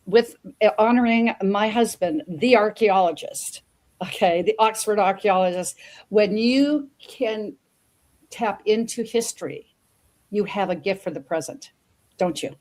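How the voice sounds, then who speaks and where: A woman's voice: medium pitch, a little slow, darkish tone. A woman hosting an interview show, talking in an effusive, rambling way and often repeating words as she goes. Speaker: show host. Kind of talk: enthusiastic interview chat.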